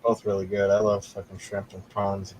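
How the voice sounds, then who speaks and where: A man's voice: on the low side, monotone, moderate pace, a little mellow, a little hiss or hum, rough recording. Swearing, rambling man telling stories. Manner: rambling storyteller, swears constantly, laughs a lot. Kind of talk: casual chat.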